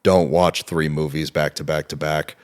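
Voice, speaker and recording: A young man, a guest in a casual interview, telling a story with animated energy and a lot of cursing. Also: very deep voice, normal speed, clear, resonant tone. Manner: animated storytelling, heavy swearing.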